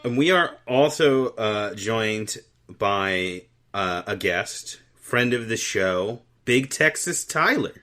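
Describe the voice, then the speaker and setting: A man hosting a casual comedy podcast, animated and quick to laugh, often stumbling over his words. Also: on the low side. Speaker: podcast host.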